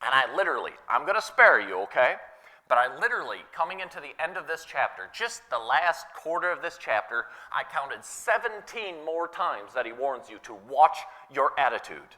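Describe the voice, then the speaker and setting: Animated preacher man, bright, echoey hall. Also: fairly high pitch, moderate pace. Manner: animated, conversational preaching with repetition. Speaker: pastor. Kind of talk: sermon. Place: church sanctuary.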